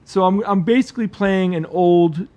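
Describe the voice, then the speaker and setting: A man's voice: high-pitched, normal speed. A man co-hosting a podcast, telling a story in a casual, rambling way. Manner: relaxed storyteller, lots of fillers and restarts. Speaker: podcast co-host. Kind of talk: casual chat.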